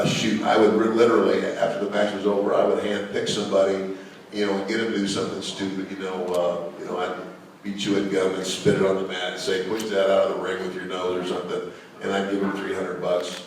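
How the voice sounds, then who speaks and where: An older man, speaking as a guest, tells anecdotes to a live audience in a chatty storytelling style full of fillers. His voice is low-pitched and creaky. He's miked from far off in a large, echoey hall, with a little hiss or hum.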